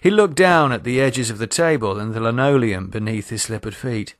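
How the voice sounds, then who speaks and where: A man narrating an audio horror story in a lively, expressive storytelling manner. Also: mid-range voice, fairly quick, few pauses, dry recording, clean studio sound.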